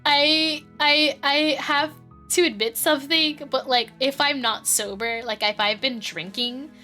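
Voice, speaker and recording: A woman's voice: high-pitched, fairly even intonation, a little slow, pushed and bright, faint music behind. A woman streamer chatting casually while playing, rambling, giggling often and swearing freely. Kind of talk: casual live-stream chat.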